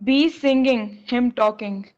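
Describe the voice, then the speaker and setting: A woman's voice: on the high side, slow pace, darkish tone, muffled recording. A young woman reading the part of a stubborn, curious teenage boy in a class reading.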